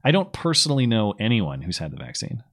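A man's voice: on the low side, huge pitch swings, quick pace. A man hosting a live call-in show, chatting casually and joking with callers. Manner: laid-back, joking with callers.

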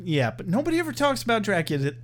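A man co-hosting a podcast, chatting in a joking, profane way. His voice sits high and swings widely in pitch, and he laughs often. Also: very animated, fast talker. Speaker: podcast co-host. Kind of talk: casual chat.

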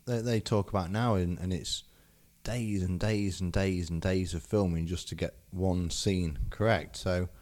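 A man's voice: low-pitched, steady tone, unhurried, few pauses, a little mellow. A British man co-hosting a podcast, reacting and asking questions in casual chat with stammering restarts. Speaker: podcast co-host.

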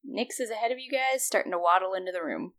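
A woman playing a tabletop role-playing game, describing her character with energetic, emphatic joking. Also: mid-range voice, quick pace. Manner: energetic, emphatic, repetitive jokes. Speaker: player. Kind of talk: casual tabletop game play.

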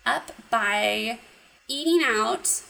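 A woman casually recapping a cartoon episode, animated and giggly, acting out the characters' lines. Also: a little high, drawn-out words, gravelly, rough recording. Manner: animated retelling with acted quotes, giggly. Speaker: podcast co-host.

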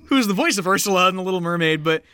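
A man's voice: sits high, lively intonation, rapid-fire, bright, forceful tone, clear, resonant tone, no room sound, studio quality. A man co-hosting a podcast, recapping a movie in casual chat and animatedly acting out the characters' lines. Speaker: podcast co-host.

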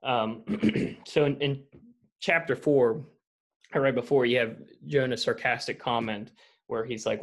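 A man in a casual church discussion, retelling a Bible story in an animated, conversational way. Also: medium pitch, a little slow. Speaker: church leader in a podcast discussion.

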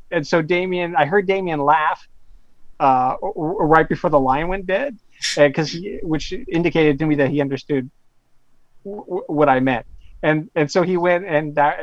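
Male author guest, higher side, halting anecdote delivery; dry, dull lo-fi audio. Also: no echo. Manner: halting, many fillers and restarts. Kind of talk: storytelling in a podcast interview.

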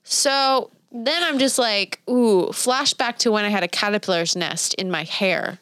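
A young woman casually telling a story on a podcast, animated and swearing, acting out her own quotes. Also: medium pitch, measured pace, clean tone, no room sound, clean studio sound.

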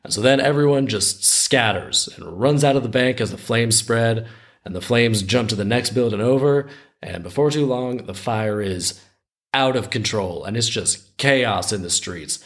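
A man's voice: medium pitch, normal speed. A man hosting a storytelling podcast, narrating in a wry, irreverent, conversational way.

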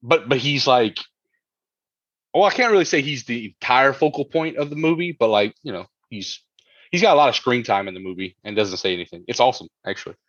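A man's voice: medium pitch, lively intonation, brisk, a bit bright, dry recording, muffled recording. A man co-hosting a podcast, chatting casually and rambling with lots of fillers and restarts. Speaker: podcast co-host.

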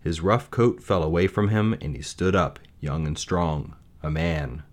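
A man reading a fairy tale aloud and then reflecting on its lessons, in a measured, gentle way. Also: sits low. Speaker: storyteller.

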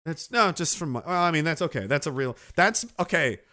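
This male host's pitch runs slightly high, and his delivery is animated, fairly quick, pushed and bright. He reads chat comments out loud during a profane, sarcastic livestream rant.

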